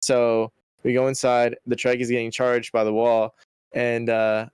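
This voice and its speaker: A young man co-hosting a podcast, telling a story in casual, animated, profane chat full of "bro" and "like". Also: mid-range voice, unhurried, smooth, dry recording, studio quality. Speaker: podcast co-host.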